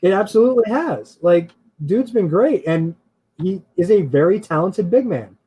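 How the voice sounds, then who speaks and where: A man with a notably high voice co-hosts a relaxed chat, talking in a loose, rambling way. He laughs easily and hedges his picks as he thinks out loud. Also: moderate pace, slightly rough, rough recording. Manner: laughs often, hedging and rambling. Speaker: podcast co-host. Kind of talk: casual chat.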